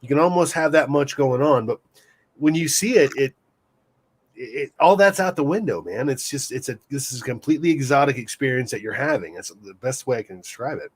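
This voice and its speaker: A man guesting on a casual panel over a video call, talking haltingly and restarting his sentences. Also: medium pitch, lively intonation, husky.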